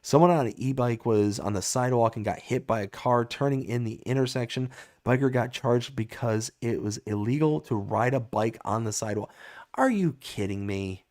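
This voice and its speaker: A man hosting a casual live gaming stream, telling stories with animated reactions and answering viewer chat. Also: mid-range voice, normal speed.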